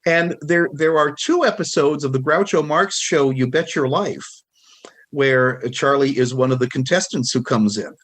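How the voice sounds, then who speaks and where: Husky-voiced American man in his sixties. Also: a little high, normal speed. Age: 60s. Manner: animated storyteller who acts out quotes. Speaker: guest film historian. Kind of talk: casual anecdotal chat.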